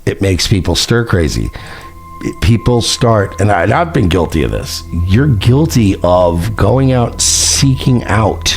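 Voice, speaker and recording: A man's voice: on the low side, lively intonation, measured pace, faint music behind. A man in his late thirties from New York, talking casually on a livestream in a profane, rambling way that readily turns into a rant. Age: late 30s.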